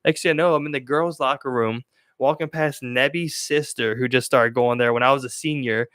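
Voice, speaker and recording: A man's voice: mid-range voice, steady tone, normal speed, a bit bright, clean tone, dry recording, studio quality. A young man from Maryland telling loose, profane stories as a podcast host, laughing as he goes. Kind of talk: casual chat, storytelling.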